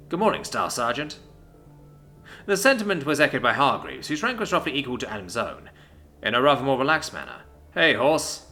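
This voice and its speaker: A man narrating a story aloud, voicing every character himself and shifting pitch for their lines. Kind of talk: scripted narration. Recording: soft music behind.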